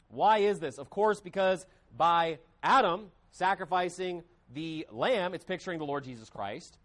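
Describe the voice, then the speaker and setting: A man's voice: sits high, lively intonation, measured pace, hardly any pauses. A man preaching a sermon with emphasis, acting out quoted voices. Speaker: pastor.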